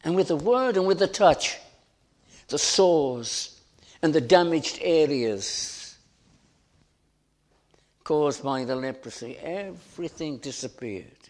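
Slow, deliberate male preacher. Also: a little high, lively intonation, a little mellow. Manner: slow, deliberate and earnest, rising for emphasis. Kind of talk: sermon.

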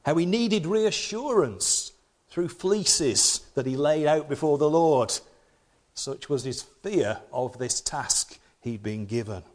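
Male pastor, lively dramatic delivery, slightly higher voice, playful asides in a Sunday sermon. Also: takes it slowly. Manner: animated, dramatic scripture reading with playful asides.

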